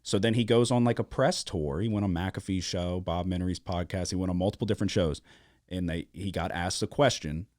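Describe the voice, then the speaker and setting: A man from Louisiana hosting a sports-betting podcast, telling a story in casual chat with a lot of swearing and animated emphasis. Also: sits low, a little fast, dry recording, clean studio sound. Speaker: podcast host. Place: studio.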